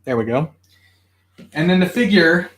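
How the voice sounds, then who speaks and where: A man casually showing off his new toy haul at home, chatty and excitable. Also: on the high side, measured pace. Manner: chatty, excitable, yells at his barking dog. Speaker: toy collector vlogger.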